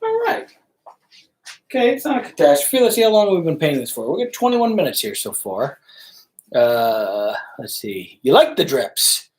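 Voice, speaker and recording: A man's voice: fairly high pitch, huge pitch swings, moderate pace, a little mellow, far from the mic. Guy chatting away while painting live, bouncy voice, echoey room. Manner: rambling, thinking aloud, greets viewers. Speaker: painter livestreaming. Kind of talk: casual live-stream chat while painting. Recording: roomy, from off the mic.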